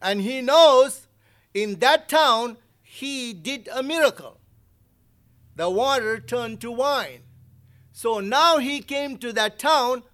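Very high-voiced man preaching animatedly. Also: slow pace. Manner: animated, acts out quotes, emphatic. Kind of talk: sermon.

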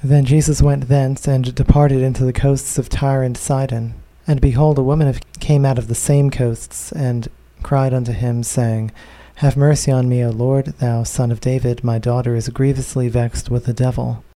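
A man reading scripture verses aloud in a steady, plain way during a Bible study. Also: medium pitch, moderate pace, hardly any pauses, low-quality recording. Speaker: scripture reader.

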